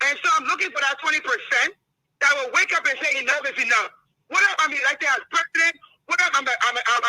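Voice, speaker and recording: A woman, a political guest speaking loudly and passionately, sometimes swearing, in a heated interview. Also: sits high, dry recording, poor audio. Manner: impassioned, loud, blunt with some swearing. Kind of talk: heated talk-show interview.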